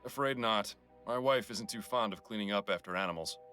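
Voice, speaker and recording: A dry, reserved detective. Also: male voice, on the low side, pushed and bright, clean tone, soft background music. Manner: measured, polite and dry. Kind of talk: video game voice acting.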